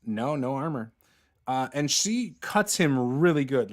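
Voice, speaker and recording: A man running a tabletop game as dungeon master, relaxed and quick to laugh. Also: medium pitch.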